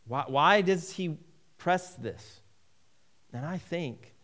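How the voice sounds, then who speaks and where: A man preaching a sermon, emphatic and repeating key phrases for weight. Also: mid-range voice.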